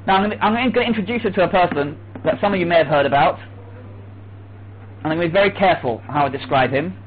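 High-pitched male Torah teacher, animated, heard on a thin phone-quality line. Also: fast talker. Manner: animated, acts out voices, restarts often. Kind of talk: Torah class lecture. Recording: tinny phone-like line with faint hiss.

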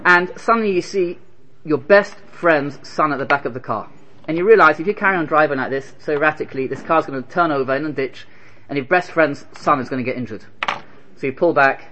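A man giving an animated Torah lecture, firing rhetorical questions and telling stories. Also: on the high side, brisk, highs cut off, slight background noise. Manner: animated, rhetorical questions, Hebrew terms woven in. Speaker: Torah teacher.

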